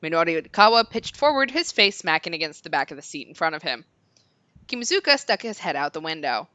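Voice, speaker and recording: Bright animated woman reading aloud. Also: low voice, fairly quick, dry recording. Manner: expressive, laughs often. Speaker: streamer, co-host. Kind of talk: reading a visual novel aloud.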